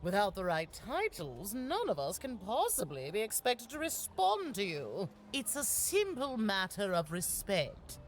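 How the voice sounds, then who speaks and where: A woman's voice: medium pitch, huge pitch swings, measured pace, few pauses, a little hiss or hum. An actress playing a snobbish aristocratic lady in a video game, snooty and scolding.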